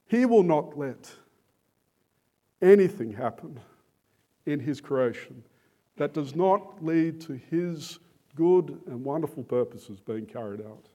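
Male preacher, somewhat high voice, unhurried delivery, emphatic sermon style. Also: lively intonation, dark tone, dull audio. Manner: emphatic, rhetorical questions, slow deliberate stresses.

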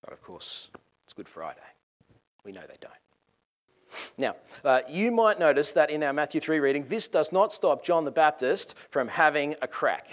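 A man preaching a sermon in a lively, conversational and joking way. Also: medium pitch.

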